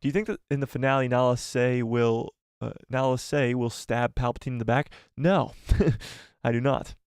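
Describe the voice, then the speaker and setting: A man's voice: mid-range voice, fairly even intonation, normal speed, darkish tone, clear, resonant tone, no room sound. Guy hosting a live stream, chatty and joking around, dry close sound, mid voice. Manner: chatty, jokey, thinks aloud with restarts. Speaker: live stream host reading viewer chat. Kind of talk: casual live stream chat.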